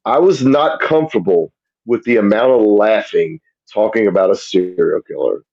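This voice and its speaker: A man's voice: on the low side, expressive, normal speed, darkish tone, dry recording, muffled recording. A man joining a podcast as a guest, chatting casually with dry, wry remarks. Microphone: phone or remote call.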